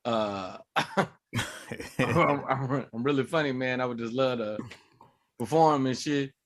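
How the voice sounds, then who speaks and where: A man voicing a timid young male aspiring comedian who speaks hesitantly and softly. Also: mid-range voice, slow, pitched below the performer's own voice, close to an everyday voice. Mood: meek. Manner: hesitant, soft-spoken.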